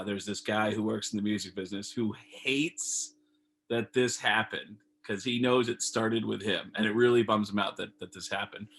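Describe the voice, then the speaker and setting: A man's voice: fairly low pitch, vocal fry, breathy edge, low-quality recording. A man, a comedian, telling a long anecdote on a video call in a casual, profane way, jumping into other people's voices as he goes. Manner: animated, profane, acts out others' lines in raised voices. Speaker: comedian guest. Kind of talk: casual storytelling interview.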